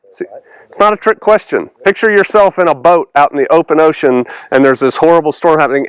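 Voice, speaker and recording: A male pastor delivers a relaxed, chatty sermon, often stopping to quiz the people listening. His voice sits high for a man and comes across smooth and clean, recorded close and dry with no room sound. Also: no echo, low-quality recording. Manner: casual and animated, asks the congregation questions. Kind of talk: conversational sermon with Bible reading.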